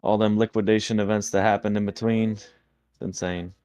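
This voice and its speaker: A man hosting a live trading stream, talking through charts with excited, cussing commentary. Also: fairly low pitch, brisk, clear, resonant tone, muffled recording. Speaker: livestream host trading. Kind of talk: casual livestream chat.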